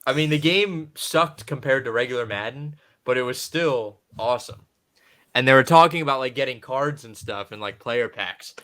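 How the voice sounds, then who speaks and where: Animated joking man, bright voice. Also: mid-range voice, moderate pace. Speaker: podcast co-host. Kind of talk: casual chat.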